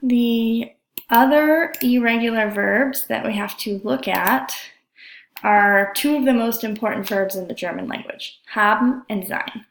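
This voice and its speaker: A woman with a somewhat high voice teaches a German grammar lesson, pronouncing each example word slowly, carefully, and with drawn-out emphasis. The room is echoey and there's a little background noise.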